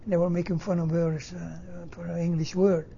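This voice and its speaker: An older man from Northern Italy, native Italian, speaking English with an Italian accent and halting, broken phrasing, telling his life story in an interview. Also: on the high side, little pitch movement, gravelly, warm tone, highs cut off, slight background noise. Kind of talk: oral history interview.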